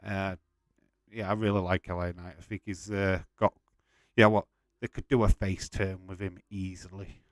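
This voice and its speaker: A man's voice: low voice, level tone, normal speed, no echo. A man hosting a casual live watch-along stream, chatting loosely with frequent swearing and rambling restarts. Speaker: livestream host.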